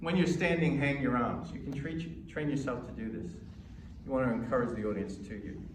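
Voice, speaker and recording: An American man coaching an audience on presenting, emphatic and measured, pausing between points. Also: medium pitch, recorded from a distance, background noise. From United States. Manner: emphatic, with pauses and demonstrations. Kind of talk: lecture to a live audience. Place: lecture hall. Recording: echoey hall recorded from afar.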